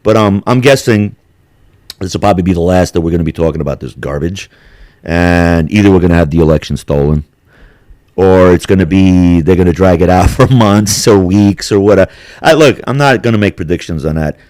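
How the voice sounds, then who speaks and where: A man's voice: low voice, fairly quick, darkish tone, no echo, studio quality. A man hosting a casual podcast chat, swearing and joking and slipping into mocking impressions. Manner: profane, jokey, slips into mocking impressions. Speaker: podcast host.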